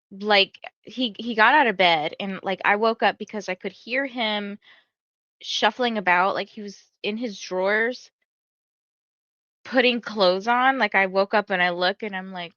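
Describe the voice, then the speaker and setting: Young woman stream host, bright forceful voice, chatty, filler-heavy, dry slightly dull mic. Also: mid-range voice, a little slow, long pauses, no room sound. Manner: chatty storytelling, many "like" fillers, laughs often. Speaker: livestream host of reading sprints. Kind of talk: casual chat to livestream viewers.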